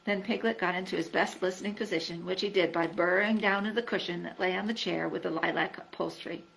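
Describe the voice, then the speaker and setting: Bright, gravelly woman reading a storybook. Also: lowish voice, steady tone, fast, low-quality recording. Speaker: storybook reader. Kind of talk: reading a children's book aloud.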